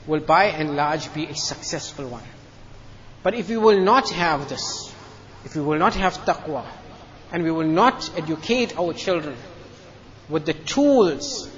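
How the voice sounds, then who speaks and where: High-voiced man preaching a Friday sermon. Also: lo-fi sound. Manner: earnest, repeats phrases, tells a joke story. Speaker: mufti giving Friday lecture. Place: mosque.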